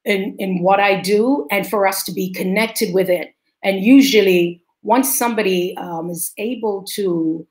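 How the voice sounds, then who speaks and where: Jamaican lady coach on a video call, talks with big energy and emphasis, middle pitch. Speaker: business coach. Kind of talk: interview conversation.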